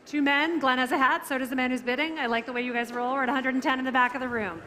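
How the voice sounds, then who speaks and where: A woman working as an auctioneer, calling bids briskly and teasing the bidders in a live auction room. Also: high voice, steady tone, pushed and bright.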